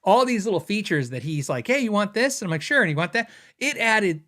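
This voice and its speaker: A man hosting a gear podcast, telling a story in a chatty, animated way and laughing at his own anecdotes. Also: high-pitched, brisk. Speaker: podcast host. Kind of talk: casual storytelling.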